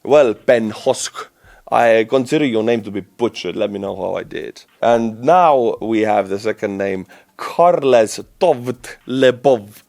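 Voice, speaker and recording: A man with an Estonian accent giving casual, animated news commentary to his channel audience, talking conversationally with frequent fillers and restarts. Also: on the low side, gravelly.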